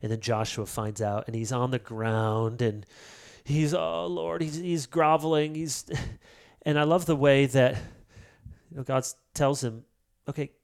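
A man's voice: mid-range voice, unhurried. A middle-aged man, a pastor and author, speaking earnestly as an interview guest and acting out quotes as he tells stories. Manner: earnest, animated storytelling with acted-out quotes. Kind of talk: casual interview conversation.

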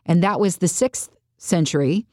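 Woman, podcast co-host, chatty and explanatory, lowish voice, dry close mic. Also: moderate pace, dark tone, no echo. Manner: chatty, explanatory, laughs easily. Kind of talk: casual faith podcast chat.

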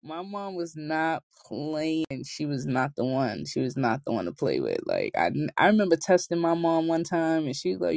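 A woman's voice: sits low, big pitch swings, normal speed, gravelly, few pauses, darkish tone, dry recording. A young adult woman vlogging, telling casual stories in a chatty, slangy way and laughing often. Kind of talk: casual storytelling to camera.

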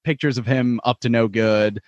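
A man's voice: mid-range voice, fairly even intonation, normal speed, no room sound, muffled recording. A man with a mid-range voice casually recaps TV episodes, walking through the plot point by point. The recording is dry and close. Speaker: podcast co-host.

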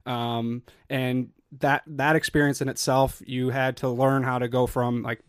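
A man's voice: medium pitch, level tone, measured pace, smooth, dry recording, clean studio sound. A young man hosting a podcast, asking long, winding questions with fillers. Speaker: podcast host. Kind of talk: interview questions.

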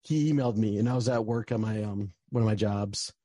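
A man's voice: on the low side, brisk, warm tone, dry recording. A young man telling a personal story in a casual, rambling way, with lots of fillers and bursts of frustration. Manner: rambling, many fillers, gets heated and swears.

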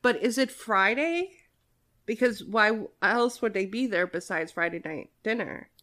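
A woman co-hosting a podcast in casual chat, animated and emphatic. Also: medium pitch, unhurried. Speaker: podcast co-host.

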